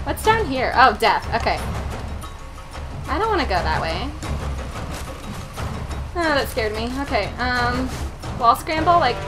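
Woman, high voice, very animated pitch, casual gaming commentary, jumpy, swears a lot, game music behind. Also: a little slow, long pauses. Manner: jumpy, swears freely, talks to herself while playing. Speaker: let's play host. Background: game music and sounds.

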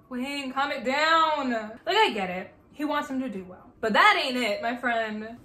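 A young woman hosting a casual reaction video, excitable and gushing, swearing freely and breaking into squeals. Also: high-pitched, unhurried. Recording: echoey room with faint noise.

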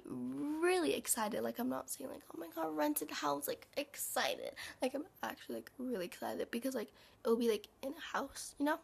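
A woman's voice: high-pitched, vocal fry, breathy edge. A teenage girl vlogging casually to the camera, gushing with dramatic exclamations and sometimes dropping into a whisper. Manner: drops into a whisper at times.

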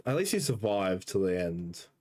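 A man's voice: sits low, sing-song, moderate pace, a little mellow. A young man, chatting casually and joking while playing a game with friends over a headset mic. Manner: laid-back, joking, swears freely. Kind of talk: casual gaming chat.

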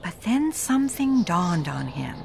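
A woman narrating a scripted ghost story in a dramatic manner, slowing down for suspense. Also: lowish voice, sing-song, gravelly, darkish tone, a little hiss or hum.

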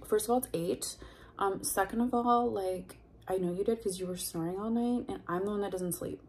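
A woman's voice: mid-range voice, moderate pace, darkish tone. A woman telling a personal story in a confessional vlog, candid and heated, full of fillers and blunt swearing. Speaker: vlogger.

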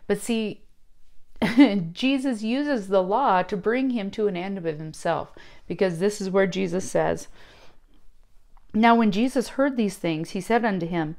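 A woman giving a casual sermon, talking to her listeners in a conversational, emphatic way and slowing down to read scripture aloud. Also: mid-range voice, a little mellow. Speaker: Bible teacher.

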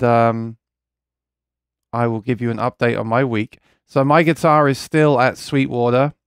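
A man's voice: mid-range voice, vocal fry, no echo, studio quality. A man hosting a casual live chat about music gear, rambling and reading viewer comments aloud, earnest and keen about guitars. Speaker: livestream host.

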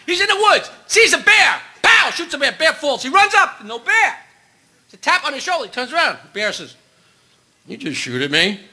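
A stand-up comedian telling rapid-fire dirty jokes, shouting his punchlines and laughing at his own gags. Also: extremely high pitch, big pitch swings. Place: comedy club stage with live audience. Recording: noisy live club recording with crowd.

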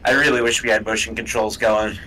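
A man's voice: lowish voice, little pitch movement, a little fast, sharp tone, poor audio. A man co-hosting a let's-play, joking around, swearing casually and asking his friend questions about the game. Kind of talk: casual gaming chat.

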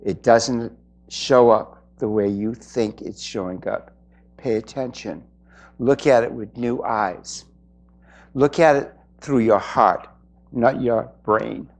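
A man voicing a calm, wise male spirit guide in a soft, hushed, slow voice. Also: medium pitch, pitched below the performer's own voice. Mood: hushed urging.

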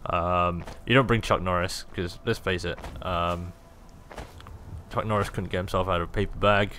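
A young man gives loose, self-amused commentary as he plays through a fantasy game, hopping between jokes and asides. His voice sits on the low side, with a faint hiss in the recording. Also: steady tone, moderate pace, pushed and bright. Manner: jokey, rambling, self-amused. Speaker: gaming video host. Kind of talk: casual gameplay commentary.

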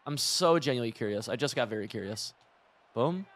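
Excitable young man narrating gameplay. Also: medium pitch, fast talker. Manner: excitable, chatty, swears and laughs often. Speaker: gaming streamer. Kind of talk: live gameplay commentary.

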